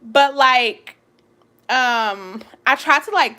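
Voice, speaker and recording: A young woman hosting a vlog, chatting casually and live with her viewers in an expressive, loud, giggly way. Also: high-pitched, measured pace. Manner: giggly, laughs often. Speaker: vlog host.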